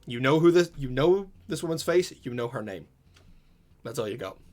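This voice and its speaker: Game master, steady descriptive narration. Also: male voice, medium pitch, normal speed, soft background music.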